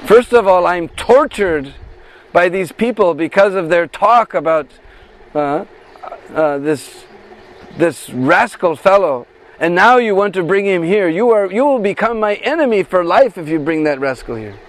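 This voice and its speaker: A man voicing a proud, stubborn young noblewoman who speaks firmly and haughtily, slightly lower than his narration. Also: animated. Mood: scornful. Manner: firm, haughty, slow.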